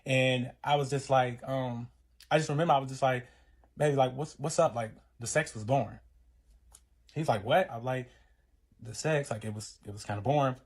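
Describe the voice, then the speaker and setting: A man with a mid-range, slightly rough voice speaks at a moderate pace, casually sharing a personal relationship story. It's a profane, meandering retelling, heavy on fillers, with other people's lines acted out as he goes.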